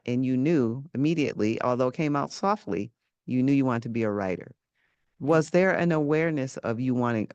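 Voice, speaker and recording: A man hosting an interview, asking questions in a measured, affirming way. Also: mid-range voice, a little mellow, dry recording, dull audio. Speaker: podcast host.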